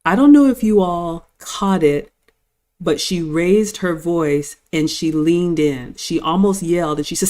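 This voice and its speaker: A woman's voice: on the low side, measured pace, a little mellow. An older woman hosting a live-stream reaction, commenting and giving advice to viewers in a lecturing tone. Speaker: host.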